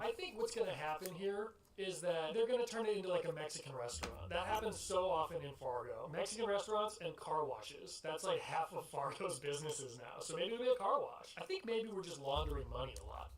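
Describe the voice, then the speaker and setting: A vlogger voices over their footage, hamming up a mock outrage in a jokey way. A loud crowd murmur runs underneath the whole time. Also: mid-range voice, big pitch swings, brisk, few pauses. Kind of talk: voiceover commentary.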